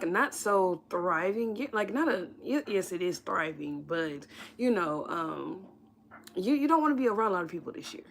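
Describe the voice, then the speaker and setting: A woman's voice: lowish voice, slight background noise. A woman giving a casual, reassuring tarot reading on a livestream, chatty, with many "right?" tag questions. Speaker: tarot reader.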